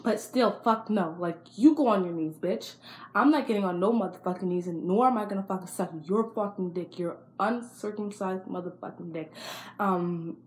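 A woman's voice: medium pitch, moderate pace, darkish tone. Blunt, profane young woman telling a story. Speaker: vlogger. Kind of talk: storytime vlog.

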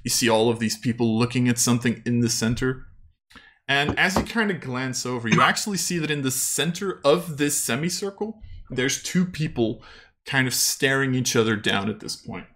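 A man of middle pitch narrates a tabletop game as game master. He rambles, fills gaps with fillers and laughs often. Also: moderate pace, a bit bright.

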